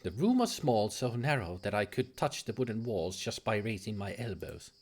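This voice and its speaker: A man voicing a composed Victorian woman telling a dreadful story, in a low, hushed and measured tone while reading game dialogue aloud. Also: big pitch swings.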